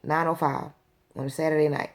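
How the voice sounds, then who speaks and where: A woman's voice: sits low, flat delivery, brisk. A woman hosting her own video show, talking straight to viewers in a blunt, exasperated rant. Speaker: show host. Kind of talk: casual vlog rant.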